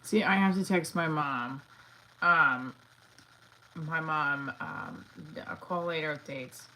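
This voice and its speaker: A woman's voice: low voice, slow pace, bright, forceful tone, slight background noise, low-quality recording. A woman, an actor and comedian, chatting casually on a livestream, rambling with lots of fillers and restarts.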